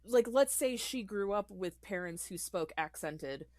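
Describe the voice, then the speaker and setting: A woman's voice: mid-range voice, expressive, measured pace, a little mellow, no echo. A woman in casual podcast chat, talking with many fillers and laughs. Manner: hesitant, laughs between thoughts, many fillers.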